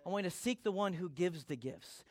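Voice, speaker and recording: A middle-aged man preaching a sermon as pastor, conversational and animated, acting out little quotes. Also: high voice, a little fast, dry recording.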